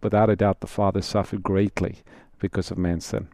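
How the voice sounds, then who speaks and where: Deep mellow co-host on Bible radio. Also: male voice, flat delivery, brisk, gravelly, no room sound, clean studio sound. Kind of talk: call-in radio Bible answers.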